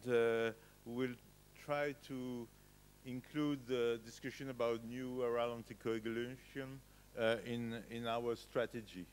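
A man with a French accent and French as his first language, giving a conference lecture with frequent pauses and restarts. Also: medium pitch, slight background noise, rough recording. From France. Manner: hesitant, frequent filler sounds and restarts. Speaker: medical lecturer. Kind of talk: conference presentation. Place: conference hall.

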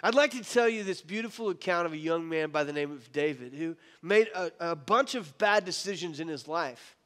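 A man's voice: on the high side, expressive, moderate pace, pushed and bright, clear, resonant tone, long reverb tail. A man preaching a sermon as pastor, casual and joking, acting out the people in his story. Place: church hall.

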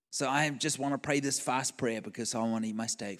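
A man's voice: mid-range voice, fairly even intonation, fairly quick, hardly any pauses, fairly bright tone. A man preaching a storytelling sermon at a church event, acting out the dialogue of the people in his story. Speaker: guest preacher. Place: large church hall. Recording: long hall reverb.

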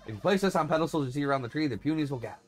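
A man's voice: on the high side, animated, very fast, faint music behind, lightly acted. A man voicing a crotchety old creature elder. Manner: scolding, crotchety reading of game dialogue. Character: grumpy bossy old female tree-dwelling creature elder.

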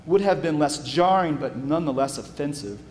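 A man's voice: lively intonation, normal speed. Man reading scripture with dramatic flair. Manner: reads scripture aloud dramatically, acting out the speakers; asides in a low, quiet voice. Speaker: Bible teacher. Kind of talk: Bible study presentation. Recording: long reverb, faint background hum.

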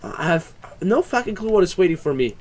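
Young man, horror game commentary, loud and cursing, fairly high voice. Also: very animated, fairly quick. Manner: loud, swearing, bursts into screams. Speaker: gaming channel host.

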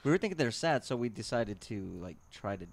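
A man co-hosting a casual comedy podcast, dropping quick deadpan jokes into the banter. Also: mid-range voice, vocal fry, a loud crowd. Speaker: podcast co-host.

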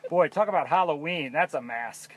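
A man's voice: a little high, moderate pace, slight background noise. A man co-hosting a live reptile stream, joking and teasing while handling animals. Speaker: co-host of a reptile show livestream. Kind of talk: casual banter on a live stream.

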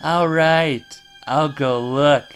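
A man voicing a calm, unhinged middle-aged woman killer who speaks in a quiet, bitter, menacing tone. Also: a little high, measured pace, faint music behind, lightly acted.

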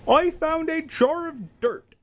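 A performer voicing an excitable, teasing toy engine in a fan dub, chirpy and sing-song. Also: high-pitched, takes it slowly, pitched above the performer's own voice. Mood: giddy.

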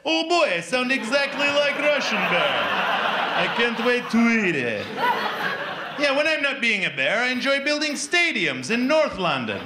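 A man's voice: extremely high pitch, big pitch swings, normal speed. A man voicing a cheerful male bear in a mock-Polish accent, chatting chirpily and boastfully, in an echoey live room with audience noise. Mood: chirpy. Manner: chirpy, boastful small talk.

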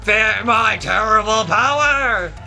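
Gamer doing a cursed talking chest: slow, bright-toned, bratty, gloating villain. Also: mid-range voice, vocal fry, faint music behind, full character voice. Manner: wheedling, then gloating with theatrical shouts. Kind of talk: let's play dialogue reading.

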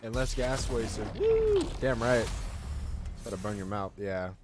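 A young man livestreaming a game, chatting casually with his viewers, excitable and swearing freely. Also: fairly low pitch, unhurried, noisy background. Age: young adult. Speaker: gaming livestreamer. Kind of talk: casual live-stream chat.

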